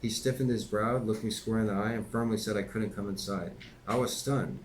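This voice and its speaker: A man's voice: lowish voice, steady tone, a little fast, slight background noise, low-quality recording. A man reading his own memoir aloud in a plain conversational way, with occasional slips and offhand asides.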